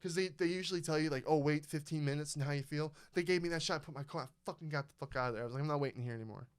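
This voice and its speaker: A young man hosting a podcast, telling a story in casual chat, animated and profane, acting out the people he quotes. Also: fairly high pitch, racing, clear, resonant tone. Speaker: podcast host.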